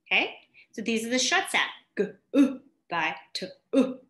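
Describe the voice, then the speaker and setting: A woman teacher leading an online English class, sounding out vowel sounds slowly and patiently. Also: on the high side, very animated, fairly bright tone, echoey room. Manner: slow, drawn-out sounding out of vowels.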